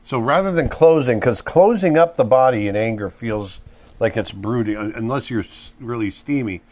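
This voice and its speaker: A middle-aged man leads a drawing tutorial while he sketches, talking in a relaxed, conversational way at a mid pitch. He breaks into short acted-out exclamations to show the emotions he is drawing. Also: moderate pace. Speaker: drawing instructor.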